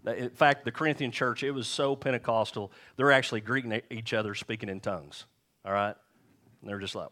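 A man's voice: medium pitch, brisk, pushed and bright. A middle-aged man preaching a sermon in a church, casual and joking, asking the congregation questions as he goes. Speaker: pastor. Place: church sanctuary.

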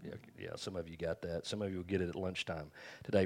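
A man's voice: deep voice, steady tone, fairly quick, a bit bright. A man preaching a sermon as pastor, folksy and joking, calling on the congregation for amens. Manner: calls for amens from the crowd.

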